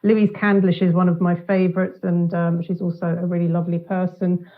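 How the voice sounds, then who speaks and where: A woman's voice: on the low side, level tone, brisk. Woman author, casual and chatty, heard over a thin phone-quality line. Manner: chatty, restarts with frequent ums. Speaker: guest author. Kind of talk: casual video-call chat. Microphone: video call.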